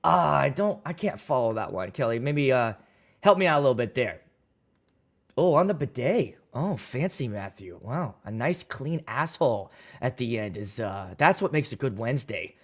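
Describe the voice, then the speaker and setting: A man's voice: medium pitch, sing-song, normal speed. A man hosting a casual livestream, reading viewer comments aloud and telling loose, crude jokes into a studio microphone. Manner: loose, joking and rambling, with crude humor. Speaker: DJ and livestream host.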